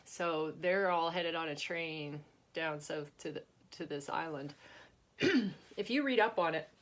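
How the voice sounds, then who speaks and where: A woman's voice: low-pitched, a little slow, a bit bright. A woman author chatting casually about her book and reading from it. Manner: chatty, laughs often, restarts.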